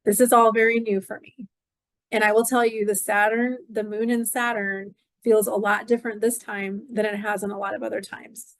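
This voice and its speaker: A woman's voice: mid-range voice, flat delivery, normal speed, no room sound. A middle-aged woman hosting an astrology channel, talking in an effusive, rambling spiritual monologue that is full of repeated phrases and "like" fillers.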